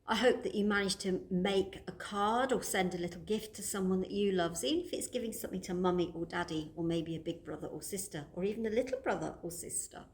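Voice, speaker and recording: A woman leading a church toddler group, speaking gently in simple words to small children. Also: mid-range voice, brisk, few pauses. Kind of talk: children's worship session.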